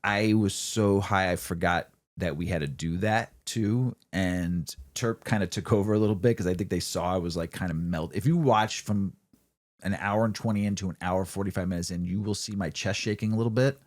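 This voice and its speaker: A man's voice: low voice, a little fast. A man co-hosting a podcast, telling a rambling story in casual chat, swearing freely and acting out what he said. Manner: rambling, swears often, acts out his own lines. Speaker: podcast co-host.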